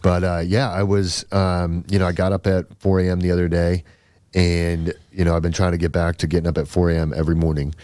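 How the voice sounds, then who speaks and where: Low-voiced male podcast host, rambling casual storyteller, dry close sound. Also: flat delivery, quick pace, darkish tone, dry recording. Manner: rambling, lots of fillers and restarts.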